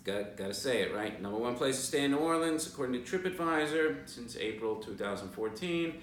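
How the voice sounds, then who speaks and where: A man hosting a casual talk to camera, an animated storyteller full of asides, recorded indoors in a large suite. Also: medium pitch, fairly quick. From moved from Boston. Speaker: guest house owner and host. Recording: roomy and somewhat distant with background noise.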